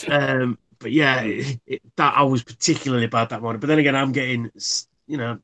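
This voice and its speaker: A man's voice: medium pitch, fairly even intonation, a little fast, sharp tone, a little hiss or hum. A man in his thirties, hosting a live stream in casual chat, rambling through anecdotes and swearing freely. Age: 30s.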